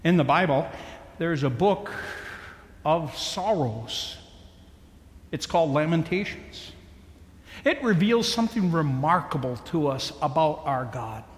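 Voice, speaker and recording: A male preacher delivers a sermon in a slow, emphatic cadence with dramatic pauses. His voice rides high and swings widely in pitch. The recording is echoey, with a long hall reverb. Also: expressive.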